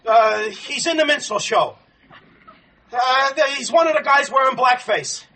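With a very high-pitched, sharp, full character voice that runs a little slow, an actor portrays an expectant husband panicking as his wife goes into labor. He stammers and trips over his words in this sitcom scene. Studio audience laughter fills the noisy broadcast.

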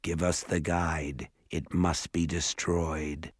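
A man voicing a stern, solemn male elf in a storybook reading, speaking slowly and gravely. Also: rumbling low, little pitch movement, no echo, heavily acted. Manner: slow, grave and accusing. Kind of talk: audiobook character voice.

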